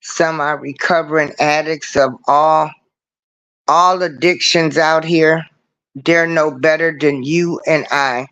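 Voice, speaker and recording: A man hosts a casual livestream in an unhurried, deliberate way, leaning on each phrase and circling back to his points. His voice sits a little high for a man. The sound is plain computer-mic audio with nothing behind it. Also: fairly bright tone, dull audio. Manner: earnest, preachy, repeats his points. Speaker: livestream show host.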